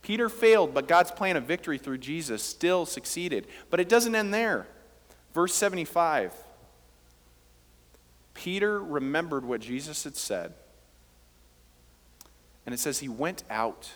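A man's voice: fairly high pitch, animated, unhurried, pauses often, fairly bright tone. A man preaching a sermon as pastor, with rising emphasis on key words, in a church hall.

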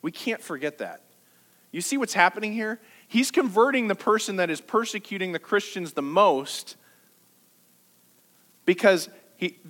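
Animated, high-voiced man preaching. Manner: lively, conversational preaching with jokes and rhetorical questions. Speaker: pastor. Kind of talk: sermon. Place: church service.

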